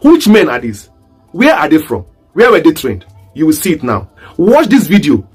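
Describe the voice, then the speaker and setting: A man's voice: fairly high pitch, huge pitch swings, moderate pace, breathy edge, faint music behind. A man from southeast Nigeria with a Nigerian accent, giving an online commentary monologue full of rhetorical, repeated questions. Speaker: political commentator.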